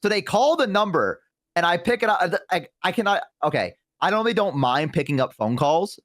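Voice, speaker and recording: Animated young Southern man telling stories. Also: high-pitched, a little fast, dry recording, studio quality. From American South. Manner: animated, self-deprecating, acts out quotes. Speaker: streamer. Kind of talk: casual storytelling chat.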